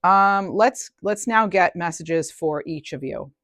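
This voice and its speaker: A woman's voice: on the low side, slow pace, fairly bright tone, no room sound. A woman giving a casual collective tarot reading, chatty and thinking aloud, often trailing off and restarting. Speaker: tarot reader.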